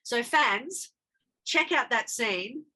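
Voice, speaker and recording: A woman, an actress, telling lively stories in a casual interview and acting out lines of dialogue as she goes. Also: on the high side, slow. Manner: animated, acts out dialogue in her anecdotes. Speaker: actress guest.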